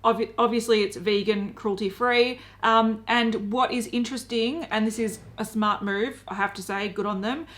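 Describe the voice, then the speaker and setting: A woman's voice: fairly high pitch, steady tone, normal speed, few pauses, a bit bright. A woman co-hosting a beauty news show, running through product details in a casual, conversational way. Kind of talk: casual chat.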